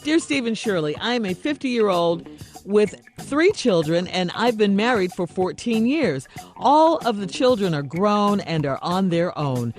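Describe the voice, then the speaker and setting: Brief: mid-pitched woman, upbeat radio host reading a letter, faint music behind. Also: unhurried. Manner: upbeat announcing, steady reading. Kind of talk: reading a listener letter on air.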